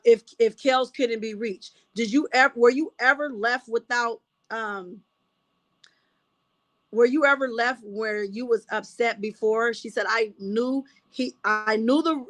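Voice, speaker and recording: A woman's voice: fairly high pitch, a bit bright, no room sound. Chatty woman recapping notes, dry sound. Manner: reads notes aloud, restarts often, chatty asides. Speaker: commentator recapping courtroom testimony. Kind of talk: casual live recap.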